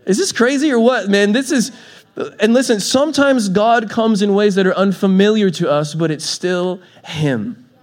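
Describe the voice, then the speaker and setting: A man's voice: high-pitched, normal speed. A man preaching a sermon in a church, telling stories with a playful manner and laughing often. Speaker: pastor.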